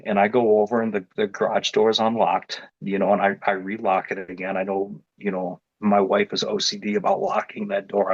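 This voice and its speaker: A man's voice: fairly low pitch, no room sound. A man telling a personal story in a casual, rambling way, with many restarts and fillers. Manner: grows more animated and louder as the story builds. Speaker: interview guest telling his experience. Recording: dull lo-fi dry sound.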